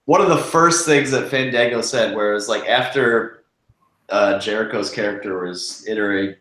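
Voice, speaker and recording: A man's voice: fairly low pitch, moderate pace, a bit bright, reverberant. A young man co-hosting a casual podcast chat, rambling and packing his talk with "like". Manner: rambling, filler-heavy, says "like" constantly. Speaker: podcast co-host.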